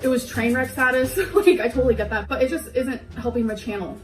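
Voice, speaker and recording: A woman's voice: fairly high pitch, fairly quick. A young woman in a candid, rambling confessional vlog, talking at home and laughing now and then between thoughts. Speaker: vlogger. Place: home kitchen. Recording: echoey room, voice a bit far from mic, faint background music.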